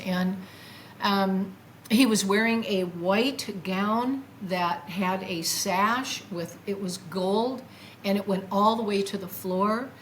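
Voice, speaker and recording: A woman in her seventies telling a personal testimony, animated and acting out her own past exclamations. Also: medium pitch, a little hiss or hum. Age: 70s. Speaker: near-death experience witness.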